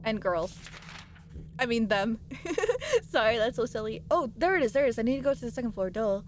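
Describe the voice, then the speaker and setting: Streamer casting: giggly young woman, bright higher voice, chatty with viewers, faint hiss behind. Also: sing-song, brisk. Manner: giggly, chatty, talks to her viewers while playing. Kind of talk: casual live game-stream chat.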